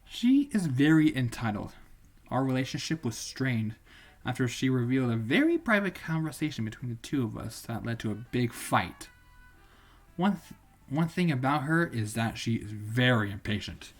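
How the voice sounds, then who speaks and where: A man's voice: mid-range voice, very animated, unhurried, pauses often, soft background music. A man streaming live, reading stories aloud in a casual, rambling way and often stopping to correct himself.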